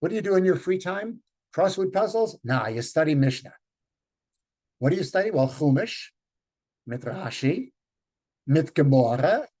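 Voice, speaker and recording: A man leading an online group reading. He explains the story thoughtfully, often pausing on "uh" as he looks for words. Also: on the high side, big pitch swings, a little mellow, husky. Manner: thoughtful, halting, with many fillers. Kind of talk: online lecture and read-aloud. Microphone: video call.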